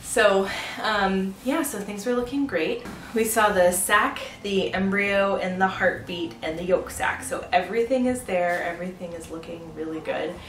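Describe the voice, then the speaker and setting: A woman's voice: medium pitch, normal speed, fairly bright tone, roomy sound, distant mic, faint music behind, rough recording. A young woman chatting casually in a vlog, often laughing and filling her speech with "like" and "um". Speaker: pregnancy vlogger.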